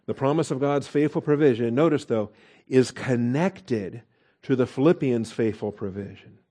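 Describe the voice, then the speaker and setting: A man teaches scripture verse by verse in a mellow, darker voice. He keeps asking his listeners questions and slows down to stress key words. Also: medium pitch. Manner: asks rhetorical questions, stresses words slowly. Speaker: Bible teacher. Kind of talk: expository Bible teaching.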